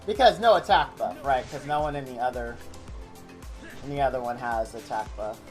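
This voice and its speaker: A man live-streaming a game, rambling excitably and thanking viewers in chat by name. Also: mid-range voice, normal speed. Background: faint game music.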